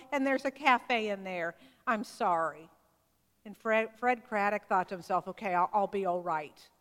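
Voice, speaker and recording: A woman's voice: high voice, a bit bright. A woman preacher telling a story in a sermon, acting out the dialogue as she goes. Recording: long hall reverb.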